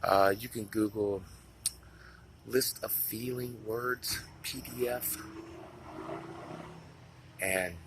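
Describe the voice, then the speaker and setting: A man with a very low voice talks through self-help advice in a loose, unscripted way. He is blunt and swears constantly, doubling back on his own sentences. A steady wash of noise sits clearly behind him. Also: drawn-out words, pauses often, poor audio. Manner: blunt, swears a lot, rambling with restarts. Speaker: self-help video maker. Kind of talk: casual unscripted talk to camera.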